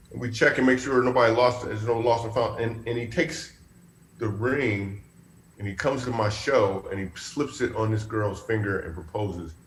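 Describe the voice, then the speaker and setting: A man, a comedian and talk-show guest, telling a personal story in an animated way with playful punchline asides. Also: fairly low pitch, normal speed, reverberant.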